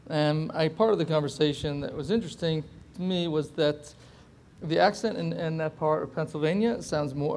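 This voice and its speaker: An actor thinks aloud in a press interview, winding through his answer. His voice sits a little high for a man. He hedges constantly and fills pauses with soft fillers. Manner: hesitant, rambling, full of hedging fillers.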